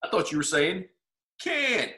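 A man's voice: high voice, sing-song, a little slow, pushed and bright. A man co-hosting a casual podcast chat, teasing and ribbing his partner. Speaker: podcast co-host.

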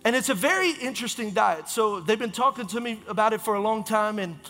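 A man preaching as a pastor, in an impassioned, repetitive style with quick self-corrections. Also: high-pitched, animated, pushed and bright, big-room sound. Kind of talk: sermon.

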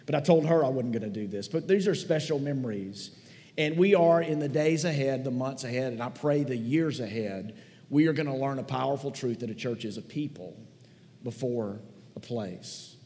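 Male pastor, mid-pitched, folksy and sentimental sermon delivery, big reverberant hall. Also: normal speed, mellow. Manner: conversational, folksy, sentimental storytelling. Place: large church hall.

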